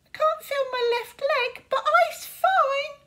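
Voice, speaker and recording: A woman doing a squeaky tiny sprite. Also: slow, exaggerated voice. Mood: brave. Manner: shrill shouting.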